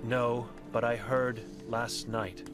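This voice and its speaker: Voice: mid-range voice, little pitch movement, slow pace, music in the background, natural voice. A game voice actor playing an old blind, mute woman who speaks in grim, clipped fragments. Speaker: game character.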